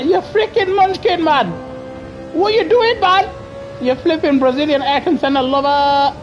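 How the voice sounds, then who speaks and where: A woman doing live racing gameplay commentary, excitable and trash-talking other drivers, bursting into shouts. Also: high-pitched, measured pace, faint music behind. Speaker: gaming streamer.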